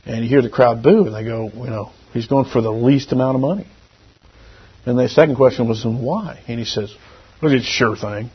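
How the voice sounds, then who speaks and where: A middle-aged man giving a church lesson with anecdotes, talking conversationally and swinging between loud emphasis and quiet asides. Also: mid-range voice, a little fast, husky. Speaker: lay preacher. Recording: dull lo-fi recording.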